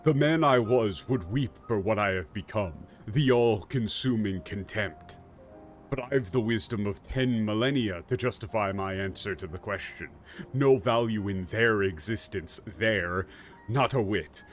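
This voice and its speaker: A man voicing a weary ancient male villain, reciting slowly and gravely in a low, dramatic voice. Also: faint music behind, close to an everyday voice. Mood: grim, contemptuous.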